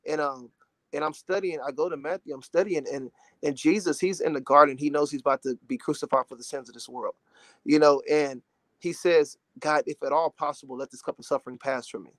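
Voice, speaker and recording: Young gospel artist, male, twenties, from Dallas; emotional, animated storyteller, slightly high pitch. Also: brisk, dry recording. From Dallas, Texas. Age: 20s. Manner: earnest and emotional, animated, many "you know"s. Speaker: gospel recording artist, interview guest. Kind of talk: casual interview talk.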